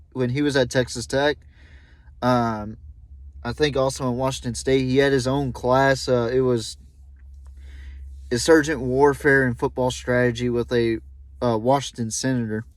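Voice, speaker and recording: A young man hosting a podcast, talking haltingly with many fillers and restarts, openly emotional. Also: medium pitch, fairly even intonation, dry recording. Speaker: podcast host. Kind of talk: solo tribute podcast talk.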